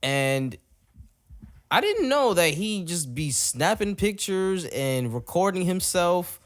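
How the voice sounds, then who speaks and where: A man in his thirties co-hosting a podcast in casual chat, relaxed, with quick short replies. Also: high voice. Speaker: podcast co-host.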